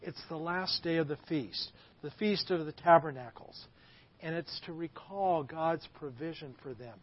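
A man's voice: a little high, moderate pace, no room sound. A man as a guest preacher delivering a sermon, telling the story with dramatic emphasis. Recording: slightly muffled dry recording.

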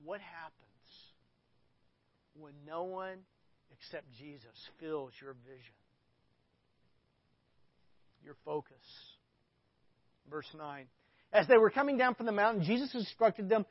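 High-voiced pastor, conversational sermon. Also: male voice, lively intonation, moderate pace, no echo, lo-fi sound. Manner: conversational, reads scripture with emphasis.

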